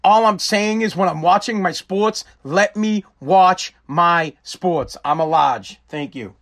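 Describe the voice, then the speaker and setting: A man's voice: high-pitched, takes it slowly, a bit bright. A man hosting a casual live-stream talk show, rambling and joking with frequent swearing. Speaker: show host.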